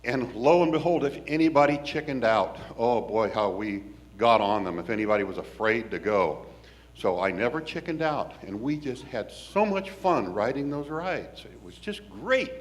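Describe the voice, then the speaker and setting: A man from Washington State, telling a personal story in an animated, folksy, wry way. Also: lowish voice, moderate pace.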